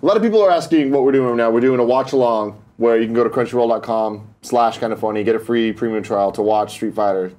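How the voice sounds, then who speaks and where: A man's voice: mid-range voice, fast, hardly any pauses, warm tone. A young adult man co-hosting a casual movie watch-along, bantering easily and reading viewer chat aloud. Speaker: co-host.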